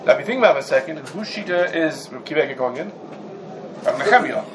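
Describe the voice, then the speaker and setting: A man teaching a Talmudic lecture, lively and full of rhetorical questions, dropping Hebrew and Yiddish terms. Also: fairly high pitch, fast talker, noisy background. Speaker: Torah class teacher.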